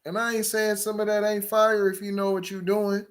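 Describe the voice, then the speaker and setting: A man's voice: sits high, completely flat delivery, moderate pace. A man with hosting a podcast, reading an article aloud and breaking off into emphatic commentary full of rhetorical questions. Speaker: podcast host.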